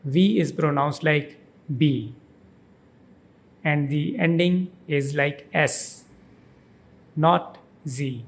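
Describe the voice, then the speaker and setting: A man hosting a pronunciation guide, speaking slowly and deliberately and repeating each word several times. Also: a little high, vocal fry. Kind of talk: slow, careful pronunciation lesson.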